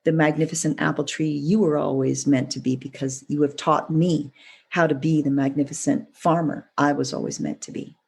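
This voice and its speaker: A woman's voice: low voice, flat delivery, moderate pace, creaky, darkish tone, slightly rough, full character voice. A woman voicing an earnest young boy who dreams of being a farmer in a spoken parable. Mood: grateful.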